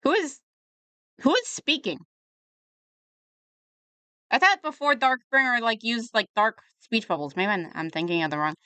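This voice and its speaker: A woman's voice: on the high side, expressive, moderate pace, pauses often, bright, forceful tone, smooth, no room sound. A young woman reviewing a webcomic in casual, sarcastic commentary, a little tipsy from drinking. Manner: chatty and sarcastic, riffing on the comic.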